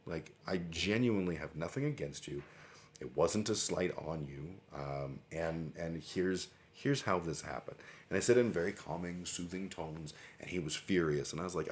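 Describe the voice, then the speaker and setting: A man's voice: low voice, normal speed, a little hiss or hum. A middle-aged man hosting a livestream, telling a rambling story with lots of fillers and casual swearing. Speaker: livestream host. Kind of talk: casual monologue.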